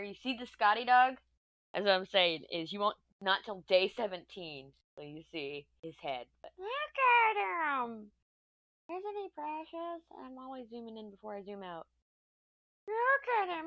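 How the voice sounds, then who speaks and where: A woman vlogging casually while she crafts, chatty and self-mocking, thinking her plans out loud. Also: mid-range voice, no room sound.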